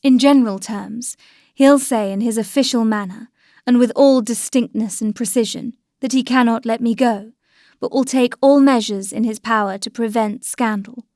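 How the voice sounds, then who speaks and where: A woman's voice: a little high, fairly even intonation, normal speed, no room sound, clean studio sound, close to an everyday voice. A woman reading the lines of a proud aristocratic young wife, with raised, bitter irony. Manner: bitter frivolous irony, louder than the narration.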